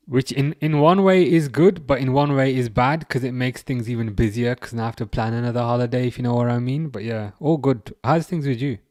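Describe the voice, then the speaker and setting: A man's voice: mid-range voice, brisk, darkish tone, no room sound. Wry chuckling man, dry sound. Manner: wry, chuckling, reads out chat comments. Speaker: livestream host. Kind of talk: casual football watch-along chat.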